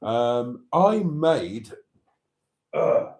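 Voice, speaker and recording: A man's voice: mid-range voice, sing-song, very slow, a little mellow. Camp chatty man hosting a live stream. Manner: camp, chatty, laughs often, addresses viewers as darlings.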